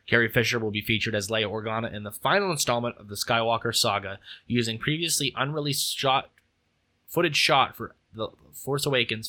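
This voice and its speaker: A man's voice: medium pitch, sharp tone. A young man co-hosting a podcast, reading entertainment news aloud with stumbles and joking asides. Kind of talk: casual news read and chat.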